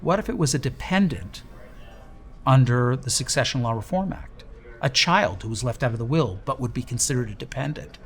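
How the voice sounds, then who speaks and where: A middle-aged man, a lawyer, telling a joke as a story and then explaining a legal point slowly and deliberately. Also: mid-range voice, expressive, fairly bright tone.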